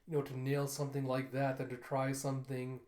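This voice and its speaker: A man reviewing and recapping a manga chapter in a chatty, enthusiastic way, often laughing and filling pauses with "you know" and "uh.". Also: mid-range voice, completely flat delivery, darkish tone, reverberant.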